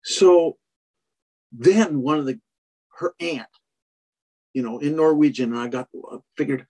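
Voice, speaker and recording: Husky horse trainer telling a story. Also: male voice, mid-range voice, normal speed, pauses often, mellow. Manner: rambling, with many restarts and "you know". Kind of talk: casual storytelling in conversation.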